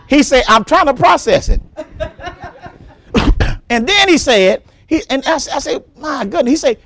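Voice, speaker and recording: High, lively preaching pastor. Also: male voice, a little slow, long pauses. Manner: animated preaching, repeats words, laughs often, exclaims praise. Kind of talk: sermon.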